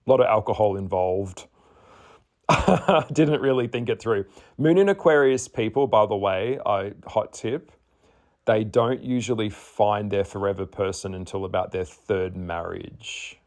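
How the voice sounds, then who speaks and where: A man's voice: fairly low pitch, measured pace, a little mellow. A man giving an astrology chart reading in a candid, chatty way, swearing and laughing often. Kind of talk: casual spoken chart reading.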